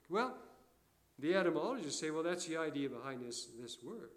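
An older man preaching a sermon in a folksy storytelling way, alternating loud emphasis with quiet asides. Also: fairly high pitch, expressive, normal speed. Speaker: pastor.

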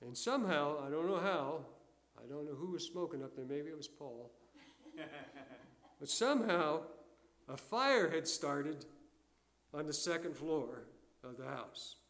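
An older man preaching a sermon in a folksy storytelling way, alternating loud emphasis with quiet asides. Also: a little high, animated, a little slow, long pauses. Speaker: pastor.

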